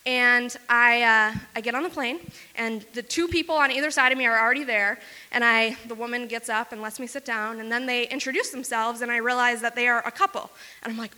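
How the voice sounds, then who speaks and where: A woman from Wisconsin telling a self-mocking story on stage, fast and full of "like". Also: on the high side, fairly even intonation, pushed and bright, long reverb tail. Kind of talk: live comic storytelling.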